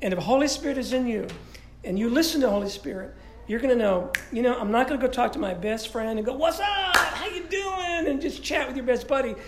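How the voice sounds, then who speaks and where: Congested pastor preaching in an echoey church. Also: male voice, extremely high pitch, fast talker, heavy background noise. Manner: animated, conversational preaching with frequent restarts. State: congested, stuffy nose. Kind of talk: sermon. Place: church sanctuary.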